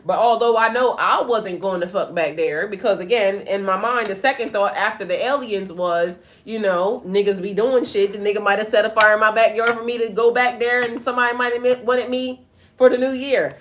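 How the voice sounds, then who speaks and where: There's slight background noise as a middle-aged woman with a slightly high, somewhat bright voice gives a casual livestream tarot reading. She works as a tarot reader and spiritual life coach, speaking directly to viewers and launching into laughing, profane stories.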